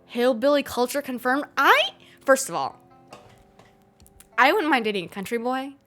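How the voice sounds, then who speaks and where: A woman's voice: sits high, very animated, normal speed, bright, forceful tone, faint music behind. A young American woman streaming, chatting casually with her live chat, laughing often and swearing freely.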